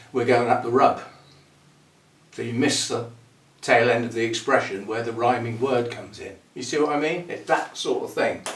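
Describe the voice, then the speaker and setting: Uk guy chatting away, jokey with words, echoey room, mic a bit far off. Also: medium pitch. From United Kingdom. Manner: chatty and playful, laughs at his own wordplay. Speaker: orchid channel host. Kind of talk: casual rambling chat to camera.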